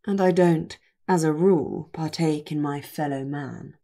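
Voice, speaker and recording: A woman's voice: sits low, a little slow, mellow. A woman doing a curt young lord. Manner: curt, savage. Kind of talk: audiobook character voice.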